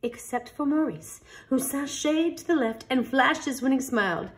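A woman reading a picture book aloud with an expressive storytelling delivery. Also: high-pitched, normal speed. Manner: expressive, animated read-aloud.

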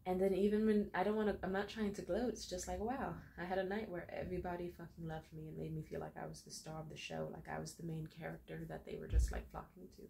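A young woman talks to her viewers from home, tearful but happy, her voice a touch low as she gushes her thanks. She laughs through the crying and her words tumble out. A faint hiss sits under the recording. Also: little pitch movement, quick pace, vocal fry, hardly any pauses, mellow. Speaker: vlogger. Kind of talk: emotional direct-to-camera vlog. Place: home room.

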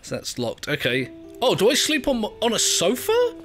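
An English man in let's play mode, chattering away and poking fun at himself as he fumbles through a game. His voice sits a bit high and leaps about in pitch. He laughs easily and reads the prompts out loud. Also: wildly swooping pitch, moderate pace, soft background music. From England. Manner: chatty, self-mocking, laughs often, reads on-screen text aloud. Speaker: gaming video creator.

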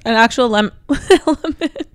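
A woman's voice: a little high, moderate pace, dry recording, studio quality. A woman co-hosting a casual podcast chat, rambling and self-correcting, often laughing. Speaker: co-host.

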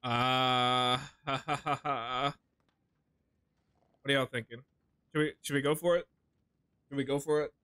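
A male streamer giving casual gaming commentary, brash, excitable and full of swearing. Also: medium pitch, takes it slowly, long pauses, clear, resonant tone. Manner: brash, excitable and heavily profane.

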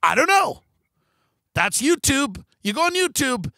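A man's voice: very high voice, big pitch swings, a little slow, vocal fry, sharp tone, no room sound. A man hosting a comedy podcast, delivering a profane, rambling, sarcastic rant and mocking his critics in put-on voices. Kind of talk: ranting comedic monologue.

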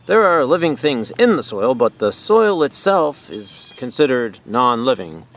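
A man's voice: mid-range voice, big pitch swings, a little slow, fairly bright tone. A man hosting a comedic science lesson outdoors, talking earnestly and in a mock-serious way, easily flustered. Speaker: science show host. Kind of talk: comedic educational presentation. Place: outdoors in a natural area.

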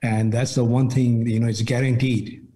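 A man's voice: medium pitch, flat delivery, moderate pace, a loud crowd. A man as an interview guest, speaking in a thoughtful, hesitant way. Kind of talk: conversational interview.

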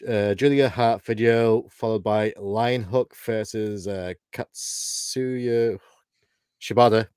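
Brit guy going through ratings numbers, low voice, dry close mic. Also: steady tone, slow pace, a little mellow, clear, resonant tone, no room sound. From United Kingdom. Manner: matter-of-fact, chuckles often, light swearing. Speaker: co-host. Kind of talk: casual livestream chat, reading out ratings.

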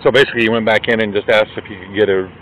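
A male police officer questioning and calming an upset woman, brisk and reassuring, recorded outdoors on his body camera. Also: fairly low pitch. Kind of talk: calm on-duty questioning. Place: outdoors by a fast-food restaurant. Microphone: body camera worn by him. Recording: tinny body-cam audio, street noise.

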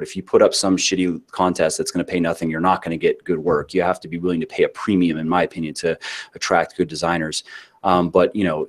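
Man, deep voice, casual interview guest, rambling, restarts a lot. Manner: rambling, frequent restarts and filler words, acts out quotes; casual, swears now and then. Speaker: interview guest, author and fitness business owner.

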